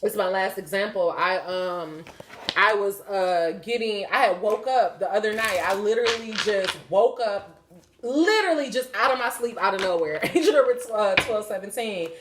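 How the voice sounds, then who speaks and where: A young woman hosts a podcast, talking candidly about spiritual signs while rambling, swearing and using lots of fillers. Her mid-range voice moves at a moderate pace, and the recording has a roomy echo and a noisy background.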